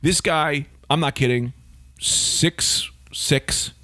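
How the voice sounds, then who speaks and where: A man who is a stand-up comedian, telling a tall story in an animated, rambling way on a podcast. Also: a little high, extremely slow, no room sound, studio quality. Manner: animated, rambling, heavy on filler words. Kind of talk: comic storytelling.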